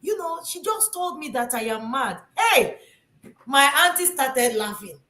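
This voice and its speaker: A woman from Nigeria tells a story in an animated, expressive way, often restarting her sentences. Her voice sits high and sounds bright and sharp. The room around her is echoey. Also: measured pace. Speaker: host. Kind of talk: casual storytelling chat.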